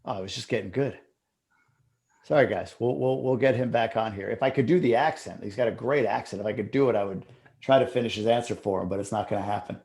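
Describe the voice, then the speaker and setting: A man's voice: lowish voice, fast talker, gravelly, darkish tone. A man hosting a casual interview, talking in a loose, rambling way with frequent restarts. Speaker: host.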